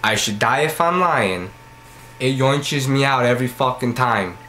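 A man's voice: medium pitch, lively intonation, a little slow, bright, forceful tone, a little hiss or hum. A young adult man hosting a comedy vlog, ranting in a profane, rambling way and repeating his lines over and over. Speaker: vlog host. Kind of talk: comedy rant to camera.

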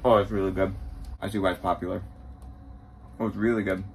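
A man on tour as a bassist, chatting straight to the camera in a casual travel vlog and poking fun at himself. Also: little pitch movement, brisk, slight background noise. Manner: chatty, self-mocking, talks straight to camera. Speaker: touring bassist.

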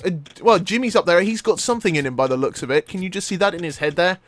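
A man doing let's play commentary, excitable, yelping and laughing at the action on screen. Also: high voice, fast. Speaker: gaming commentator.

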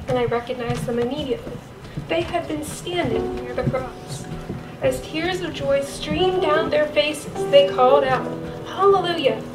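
A woman playing a grieving follower of Jesus, reciting an earnest first-person monologue in a church cantata. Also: high-pitched. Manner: earnest storytelling, vivid and measured. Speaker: cantata narrator. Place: church sanctuary. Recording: echoey church from far off.

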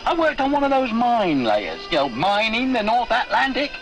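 A man's voice: extremely high pitch, soft background music, full character voice, poor audio. An actor playing a joking old male miner who tells tall tales in colloquial slang, drawing out his punchlines. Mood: dry joking. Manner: animated storyteller, drawn-out punchlines. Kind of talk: film dialogue.

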